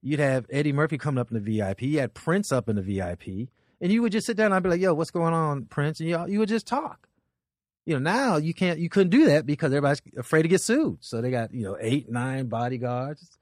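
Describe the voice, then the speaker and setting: A man's voice: fairly high pitch, fast talker, no room sound. A male comedian telling stories as a guest, rambling with frequent restarts. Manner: rambling, animated, with many restarts. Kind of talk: casual storytelling chat.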